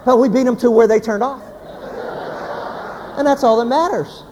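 A man, a pastor, giving a humorous sermon as an animated, joking storyteller. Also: very high-pitched, moderate pace, some chatter behind. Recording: hall reverb, faint background noise.

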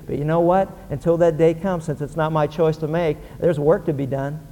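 A man's voice: a little high, brisk, mellow. Man preaching in a reverberant church. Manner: earnest, emphatic preaching with rising lift. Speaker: pastor. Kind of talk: sermon. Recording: long reverb of a hall.

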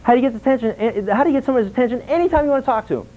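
A man teaching a Bible class in an animated sermon style, acting out dialogue and asking his listeners questions. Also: very high-pitched, very fast, a little hiss or hum. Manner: animated, acts out dialogue, asks the audience questions. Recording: tinny phone-like lo-fi recording.

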